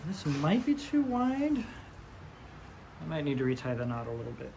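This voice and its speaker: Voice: medium pitch, wildly swooping pitch, normal speed, creaky, pauses often, warm tone. A DIY host chatting casually and joking while building in a workshop, thinking aloud as they go. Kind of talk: casual workshop how-to chat. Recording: noisy workshop recording.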